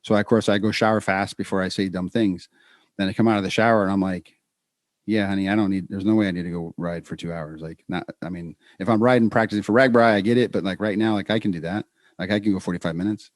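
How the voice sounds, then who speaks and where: Lowish-voiced man telling stories on a podcast. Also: no room sound, clean studio sound. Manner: storytelling, animated, quick restarts. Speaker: podcast co-host. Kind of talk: casual podcast chat.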